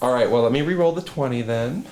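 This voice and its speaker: Lively man running a tabletop game. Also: mid-range voice, fast talker, a little hiss or hum. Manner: lively, laughing often, friendly narration of combat. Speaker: dungeon master.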